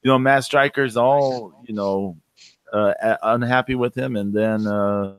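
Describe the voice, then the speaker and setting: A man's voice: medium pitch, steady tone, unhurried, clean tone. A man co-hosting a casual podcast chat, hesitant and thinking aloud with many fillers. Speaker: podcast co-host.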